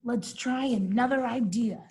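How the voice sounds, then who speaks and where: A woman's voice: fairly high pitch, a little slow, a little mellow, a little hiss or hum, natural voice. A woman reading aloud, voicing a determined, scheming female cow in a storybook who urges the others on.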